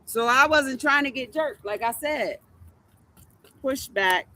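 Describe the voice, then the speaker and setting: Brash, bright-voiced woman reading tarot. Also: sits high, moderate pace. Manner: brash, profane, boastful, repeats herself. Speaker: tarot reader and streamer. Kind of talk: casual livestream tarot commentary.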